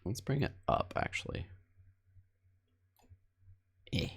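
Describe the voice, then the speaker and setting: A male streamer editing video live, chatting casually and self-deprecatingly with his viewers. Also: slow. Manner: rambling and self-deprecating, talks straight to chat.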